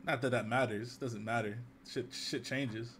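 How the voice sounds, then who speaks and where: A man's voice: mid-range voice, fairly even intonation, normal speed, fairly bright tone, a little hiss or hum. A man in casual chat who jokes around and laughs a lot.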